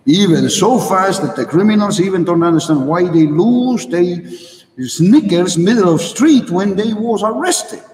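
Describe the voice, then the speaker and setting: A man giving a blunt, profane monologue in halting, broken English. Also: high voice, darkish tone, slight background noise. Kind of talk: opinionated monologue. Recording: echoey hall, mic far off.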